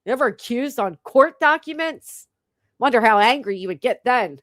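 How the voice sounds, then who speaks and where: A woman's voice: fairly high pitch, animated, moderate pace, fairly bright tone, no echo, clean studio sound. A woman hosting a reaction stream, talking bluntly and profanely to her chat. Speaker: livestream commentary host.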